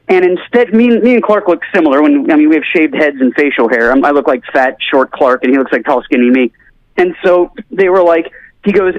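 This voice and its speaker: A man telling an animated story as a guest on a talk show, acting out the people he quotes. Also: high voice, fast talker, dull audio. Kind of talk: casual storytelling.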